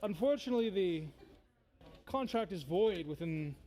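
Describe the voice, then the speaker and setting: A man's voice: sits high, expressive, normal speed, mellow. A man voicing a sly, mock-polite bone devil who trades in contracts. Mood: smug. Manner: silky, mock-courteous.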